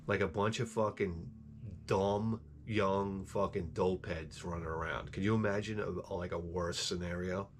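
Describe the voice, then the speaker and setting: There's slight background noise behind this middle-aged gameplay streamer's lowish voice. Casually chatting while gaming, he rambles on, curses, and throws in wisecracks.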